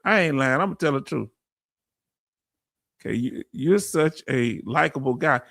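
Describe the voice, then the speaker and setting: This middle-aged Southern-accented Texan runs a casual veterans' livestream, talking with his chat in an animated, folksy style. His voice is gravelly and medium in pitch, a little slow, captured with clean studio sound and no room sound.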